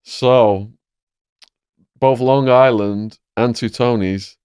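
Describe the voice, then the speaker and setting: English man, lively podcast storyteller. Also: mid-range voice, drawn-out words, clean tone, dry recording, clean studio sound. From England. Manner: vivid, animated storytelling. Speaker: podcast host. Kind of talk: storytelling in a conversation.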